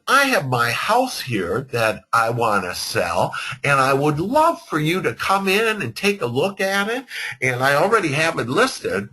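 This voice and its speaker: A man voicing a friendly older woman homeowner, speaking in an excited, effusive falsetto. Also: breathy edge, heavily acted, rough recording. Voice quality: high, gushing falsetto.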